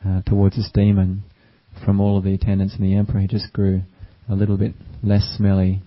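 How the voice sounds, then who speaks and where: Low, monotone male meditation teacher. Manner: gentle, unhurried, with many fillers. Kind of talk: dharma talk. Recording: dull lo-fi recording.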